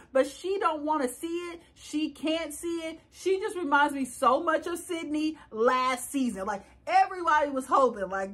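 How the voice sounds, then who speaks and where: Sassy high-voiced woman recapping reality tv. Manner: sassy, animated, laughing, acts out quotes. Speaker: reality show reviewer. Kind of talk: casual opinionated recap.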